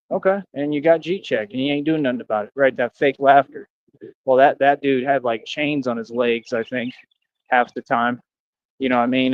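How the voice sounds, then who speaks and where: A man's voice: mid-range voice, no room sound, lo-fi sound. A man livestreaming, talking straight to his chat in a boastful, confrontational, slangy way. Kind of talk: casual livestream rant to chat.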